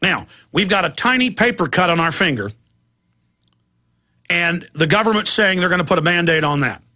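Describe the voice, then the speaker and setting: A man's voice: high-pitched, expressive, moderate pace, bright, forceful tone. A middle-aged man hosting a talk radio show, delivering an impassioned, ranting monologue and mimicking opponents' voices. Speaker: radio host.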